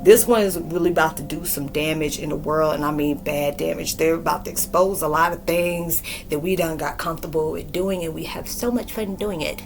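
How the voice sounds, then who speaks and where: A woman's voice: deep voice, brisk, gravelly, few pauses, soft background music. A woman voicing the devil as a scheming tempter who bargains with promises of fame and fortune.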